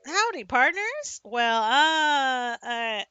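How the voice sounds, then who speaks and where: Laid-back male cowboy officer, voiced by a woman, folksy drawl, bright tone. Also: sits high, sing-song, very slow, clean tone, no room sound, faint music behind, heavily acted. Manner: folksy Western drawl, calls people partner.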